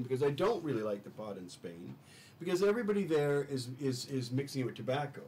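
A man's voice: on the high side, big pitch swings, fast, darkish tone, low-quality recording. A man talking as a studio guest in casual talk-show chat, enthusiastic and rambling, repeating words as he restarts his sentences.

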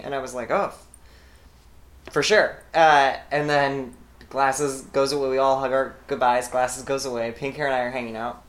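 A woman's voice: rumbling low, steady tone, normal speed, reverberant. A woman guest on a podcast, telling a candid story in casual chat and joking as she goes. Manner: candid, joking, trails off and restarts.

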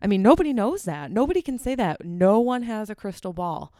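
Speaking a little fast with big pitch swings, this young adult woman has a mellow, medium-pitched voice as she hosts a solo podcast from her apartment. Her casual rant rambles, drifts off track easily, and is full of swearing. The clean studio sound has no echo.

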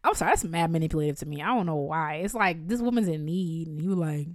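A woman's voice: deep voice, lively intonation, fast talker, dry recording, studio quality. A woman co-hosting a podcast in casual, slangy chat, laughing often. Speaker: podcast co-host.

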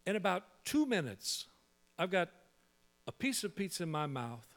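A male pastor telling a humorous story in a sermon, animated and full of quick restarts. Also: high voice.

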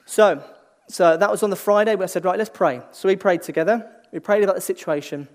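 High-voiced man preaching conversationally. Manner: swings between lively emphasis and hushed, slow delivery; repeats and restarts phrases as he thinks aloud. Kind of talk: conversational sermon.

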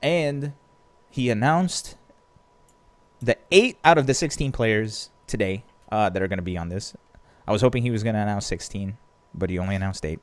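A man co-hosting a casual talk show, excitable and quick to break off and restart. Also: lowish voice, no room sound. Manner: excitable, animated, self-interrupting. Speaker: co-host. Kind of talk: casual news chat.

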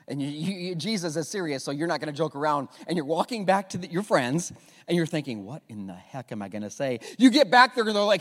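A high-voiced man preaches to his congregation and acts out every scene, trading voices between characters. He stumbles into quick restarts as he goes, and his pitch swoops widely. His voice carries a long reverb from a big hall. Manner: animated storytelling, acting out dialogue; frequent stammered restarts. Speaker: pastor. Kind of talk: sermon.

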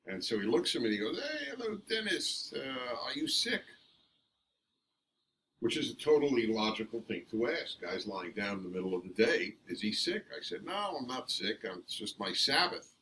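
Man, low-ish voice, emphatic storyteller, mic a bit far off with faint hiss. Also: fairly bright tone. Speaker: radio host as interview guest. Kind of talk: interview storytelling.

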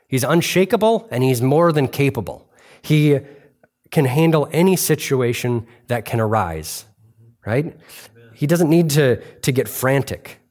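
Middle-aged guy preaching, earnest and chatty, repeats himself a lot, mid-pitched voice. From United States. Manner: earnest and conversational, with frequent restarts and repeated phrases. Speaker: pastor. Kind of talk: sermon.

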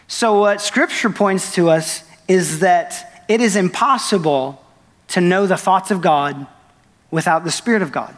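A young man preaching a sermon, telling a story with quoted dialogue in an earnest, excited manner. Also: high voice, unhurried. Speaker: pastor. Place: church sanctuary. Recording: long reverb of a church hall.

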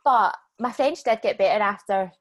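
A Scottish woman in her thirties, a business owner chatting as a podcast guest, relaxed and self-deprecating, laughing often. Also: mid-range voice, moderate pace. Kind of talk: casual podcast chat.

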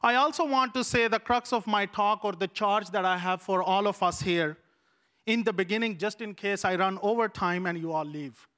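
A man's voice: high-pitched, normal speed, bright, forceful tone, clean tone. A man preaching a sermon as a pastor. He tells a personal story earnestly and repeats phrases for emphasis. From Pakistan.

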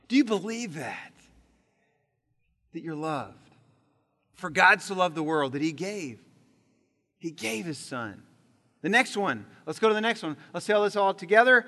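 A man preaching a sermon as pastor, leading the congregation in call-and-response, swinging between loud emphatic peaks and quiet low drops. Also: big pitch swings, moderate pace. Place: church sanctuary. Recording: long hall reverb.

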